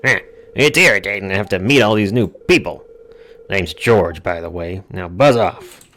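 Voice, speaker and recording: A man's voice: low-pitched, moderate pace, a bit bright, slight background noise. A man voicing a grumpy, irritable old man in a video game. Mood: grouchy.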